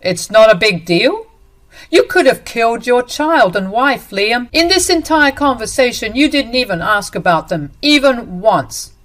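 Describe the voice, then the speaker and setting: A woman's voice: on the low side, lively intonation, moderate pace, natural voice. A woman voicing a stern off-duty policeman who firmly confronts and accuses a man. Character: stern protective man, mother's boyfriend, off-duty cop.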